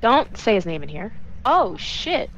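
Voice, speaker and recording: A young woman in casual gaming chat with friends, jumpy and quick to swear, shriek and laugh when scared. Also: mid-range voice, very animated, highs cut off, slight background noise. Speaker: gamer playing a ghost-hunting game with friends.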